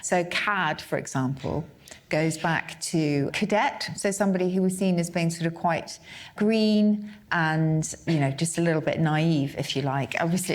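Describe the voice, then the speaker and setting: An English woman co-hosting a podcast, fluently explaining where words come from in casual chat. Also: sits low. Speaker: podcast co-host, word expert.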